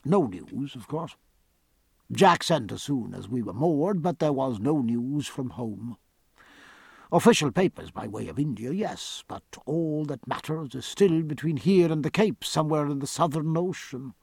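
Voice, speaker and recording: A learned ship's surgeon speaks with dry, precise wit, as a male narrator reads him. The voice is gravelly and husky, pitched a little high, and recorded close and dry. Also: lively intonation, unhurried, darkish tone, no echo, exaggerated voice.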